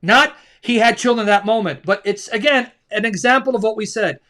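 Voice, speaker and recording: A man co-hosting a religious debate stream, sarcastic and emphatic, slowing down to stress his points. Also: high voice, sharp tone. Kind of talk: casual mocking commentary.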